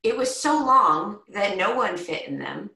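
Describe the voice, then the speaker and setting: Bright-voiced chatty woman host, roomy. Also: medium pitch, a little slow, gravelly, far from the mic. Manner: chatty, animated storyteller with frequent "like". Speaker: podcast host. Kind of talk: casual conversational interview. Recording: roomy echo, set back from the mic.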